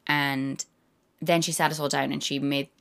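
A woman in her thirties, a guest actor in a casual interview, telling animated stories and slipping into quoted voices. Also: low-pitched, normal speed, clean tone.

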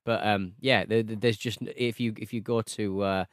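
A man co-hosting a football podcast, halting and joking with many restarts. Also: fairly low pitch, steady tone, no echo. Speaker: podcast co-host. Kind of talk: casual chat.

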